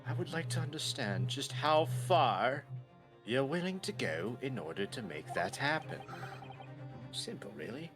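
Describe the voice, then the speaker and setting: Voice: mid-range voice, sing-song, a little slow, over music. A host playing a brusque British chief justice. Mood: mocking. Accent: put-on British. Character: stern older male British Lord Chief Justice. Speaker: game show host voicing characters. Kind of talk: fan dub of a game playthrough.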